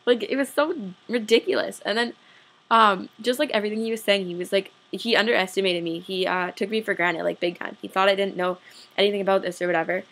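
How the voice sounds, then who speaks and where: A woman's voice: medium pitch, steady tone, fast talker, a bit bright. A young adult woman, venting to camera in a casual storytime rant full of swearing and "like". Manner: profane, fired-up, heavy use of "like". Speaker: vlogger.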